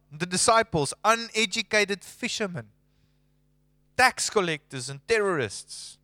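A male preacher with a high, bright voice that is smooth and dry. He drives home his points with stacked lists of words. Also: expressive, a little slow, no echo. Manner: emphatic, builds through lists, chuckles often. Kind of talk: sermon.

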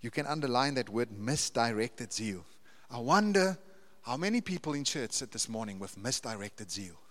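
A man's voice: mid-range voice, expressive, a little fast, a bit bright. A man, preaching a conversational sermon to a church, building up to emphatic repeated lists. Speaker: pastor. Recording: long reverb of a church hall.

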